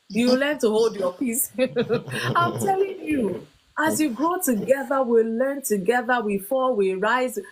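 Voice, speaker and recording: A woman's voice: a little high, low-quality recording. A woman hosting a faith-based talk on marriage, speaking earnestly with emphatic, preaching emphasis. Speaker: host.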